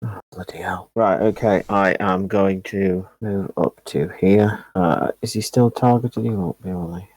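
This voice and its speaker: A man's voice: sits low, steady tone, measured pace, few pauses, a little mellow, no room sound. A man playing a tabletop game, muttering to himself as he plans his moves. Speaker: player.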